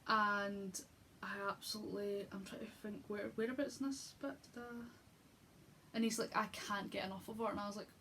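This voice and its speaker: A woman's voice: mid-range voice, steady tone, brisk, sharp tone, slight background noise. A young woman chatting casually through a book review, gushing, with lots of fillers and restarts. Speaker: book vlogger.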